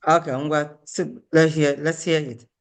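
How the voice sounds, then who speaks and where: A woman teaching an online language class, patiently repeating phrases slowly and calling on students by name. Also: sits low, flat delivery.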